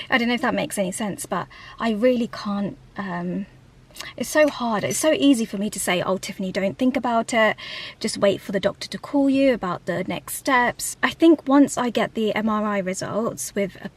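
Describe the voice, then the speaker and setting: A woman talking candidly in a casual vlog from inside a parked car, often dropping to a soft whisper. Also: medium pitch, normal speed, husky. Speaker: vlogger.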